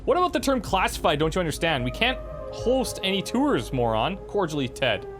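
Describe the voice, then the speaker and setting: A man's voice: high-pitched, huge pitch swings, brisk, voice pushed up. A man puts on an uptight male scientist in a game, fed up with his partner's blunders. He scolds indignantly in a raised, swinging voice, while faint music plays in the background. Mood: exasperated.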